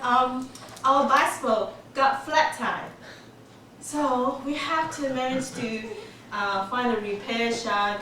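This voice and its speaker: A woman in her 40s from Taiwan gives a prepared storytelling speech at a club, her higher voice lively and punctuated by frequent laughter, with small grammar slips. The recording was made from far off in an echoey meeting room and is noisy.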